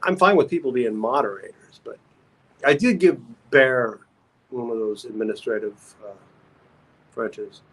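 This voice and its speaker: A man's voice: mid-range voice, measured pace, fairly bright tone, poor audio. A man hosting a casual livestream, reading comments aloud and rambling with repeated phrases and stammers. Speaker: livestream host.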